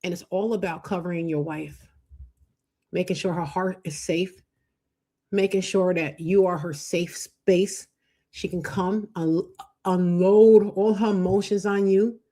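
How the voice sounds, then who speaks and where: A middle-aged woman hosting a live faith-based talk on marriage, preachy and animated, acting out quoted voices. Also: lowish voice, unhurried. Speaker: show host.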